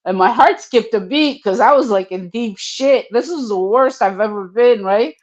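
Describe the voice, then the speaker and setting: An older woman telling a personal story casually, profane and animated, acting out the voices in it. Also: on the high side, moderate pace, dull audio. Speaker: storyteller guest.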